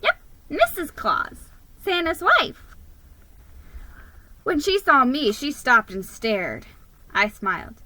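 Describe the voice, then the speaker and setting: A woman reading a children's book aloud in an animated, expressive way. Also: sits high, takes it slowly, pauses often, a little hiss or hum, poor audio. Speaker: reader.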